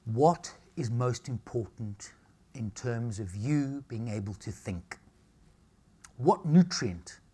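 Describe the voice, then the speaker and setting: Animated, jokey man lecturing. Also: medium pitch, takes it slowly, breathy edge. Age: middle-aged. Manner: cheeky, jokey, animated storytelling. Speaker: nutritionist giving a talk. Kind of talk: lively health lecture to a live audience.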